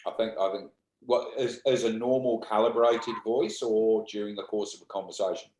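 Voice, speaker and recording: A middle-aged man in the audience, answering and asking back in a quick, conversational way. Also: fairly low pitch, fairly even intonation, darkish tone, echoey room, poor audio. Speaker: audience member. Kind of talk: question from the audience.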